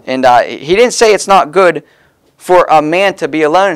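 A man's voice: on the high side, animated, measured pace. A man preaching a sermon in a folksy, conversational way, stressing key words as he explains the text.

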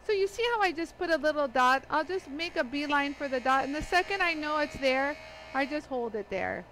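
A woman's voice: high-pitched, animated, fairly quick, a bit bright, slight background noise, low-quality recording. A woman hosting a live product demonstration, chatty and laughing often as she greets viewers by name. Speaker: livestream demo host.

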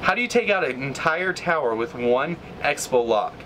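A man hosting a gaming channel, giving live gameplay commentary, ranting in frustration, with sudden high outbursts and low mutters. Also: lively intonation, moderate pace, background noise.

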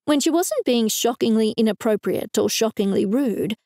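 A woman's voice: a little high, animated, normal speed, warm tone, no room sound. A woman narrating a cozy mystery novel in the first person, in a wry, dry manner. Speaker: audiobook narrator.

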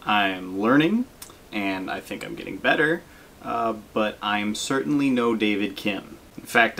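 A man's voice: on the low side, a little hiss or hum. A young man giving casual, self-deprecating commentary over gameplay as a gaming video host. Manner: relaxed, self-deprecating, frequent fillers.

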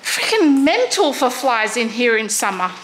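A woman's voice: fairly high pitch, big pitch swings, moderate pace, a bit bright, slight background noise, rough recording. An Australian woman vlogging casually, chatting and chiding her horse with a laugh. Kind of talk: casual vlog chat. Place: outdoors at home with a horse, then indoors.

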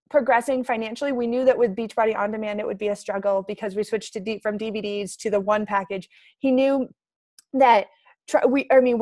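A woman in her thirties leading a motivational team video call, energetic and emphatic. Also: a little high, no room sound, studio quality. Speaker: team coach leader.

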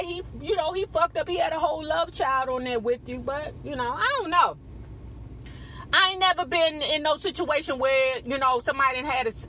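Sassy high-voiced gossip host woman. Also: bright, forceful tone, slight background noise. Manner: sassy and profane, with frequent "child" and "baby". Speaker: celebrity gossip vlogger. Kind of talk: casual gossip commentary. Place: not on camera, audio-only.

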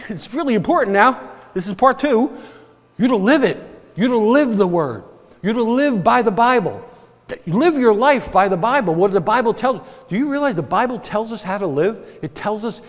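A man preaching a sermon in a fairly high voice. He is earnest and circles back over his points, often turning to the congregation for agreement. His words trail off into a long reverb, as in a big church sanctuary. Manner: earnest, repetitive, asks the congregation "right?". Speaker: pastor.

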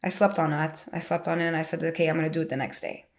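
A woman's voice: sits low, level tone, racing. A woman in her twenties telling a personal story in a frank, rambling, conversational way. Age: 20s. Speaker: interviewee sharing a personal story.

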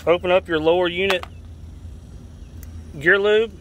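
A man's voice: high-pitched, a little slow, highs cut off. Folksy Southern man explaining outdoors. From Georgia, US. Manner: relaxed, folksy, repeats and restarts phrases. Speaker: fishing guide. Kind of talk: casual how-to demonstration. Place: outdoors beside a boat. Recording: faint outdoor noise.

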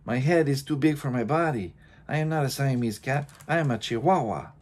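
A man's voice: mid-range voice, a little fast, darkish tone, pitched above the performer's own voice, natural voice. A man voicing a playful young boy kitten in a storybook, showy and sing-song, slipping into a put-on Spanish accent. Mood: proud.

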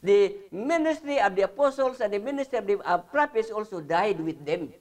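A man teaching a Bible lesson at church, mixing English with Cebuano, pausing often on fillers and reading scripture emphatically. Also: sits high, lively intonation.

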